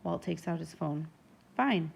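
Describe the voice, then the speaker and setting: A woman reading a first-person novel aloud in steady, even narration. Her voice is low with a gravelly edge. The tone is dark and mellow. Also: moderate pace. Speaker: audiobook narrator.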